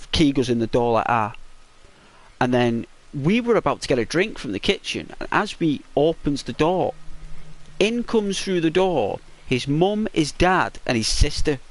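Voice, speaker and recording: A man's voice: mid-range voice, lively intonation, a little slow, long pauses. A man hosting a gaming channel, telling a story in a chatty, rambling way with lots of fillers and restarts, in a semi-ASMR narration over gameplay.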